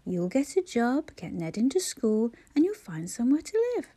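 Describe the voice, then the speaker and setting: A man's voice: very high-pitched, wildly swooping pitch, moderate pace, mellow, voice pushed up, exaggerated voice. A woman reading aloud voices a plain-spoken, practical man who reasons in a matter-of-fact way.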